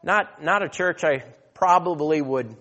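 A man preaching a sermon, telling a story and then growing loud and emphatic as he exhorts. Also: a little high, a little slow. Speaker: pastor. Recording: long hall reverb.

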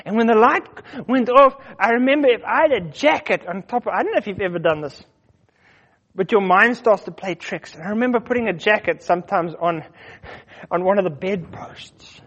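High-voiced man telling stories. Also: brisk. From South Africa. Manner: animated, repeats words, acts out his quotes. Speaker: storyteller. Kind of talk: casual personal storytelling. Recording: dull muffled lo-fi recording.

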